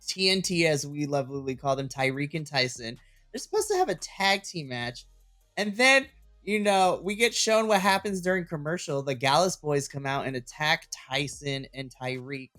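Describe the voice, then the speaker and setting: A man in his thirties co-hosting a wrestling podcast, recapping matches in an animated way and laughing often. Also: fairly high pitch, normal speed, soft background music. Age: 30s. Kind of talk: casual chat.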